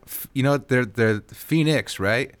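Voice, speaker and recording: A man's voice: mid-range voice, a little slow. A young man co-hosting a podcast, joking sarcastically in casual sports banter. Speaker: podcast co-host.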